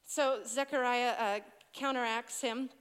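A woman's voice: a little high, steady tone, unhurried, fairly bright tone, smooth. A young woman in her twenties preaching as a youth pastor, telling stories conversationally with asides to teenagers. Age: 20s. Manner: conversational storytelling with asides to teens. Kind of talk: sermon. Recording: long reverb of a large hall.

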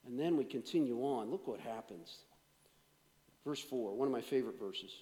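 A man preaching a sermon as a pastor, swinging from energetic to hushed delivery. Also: medium pitch, normal speed, long reverb tail.

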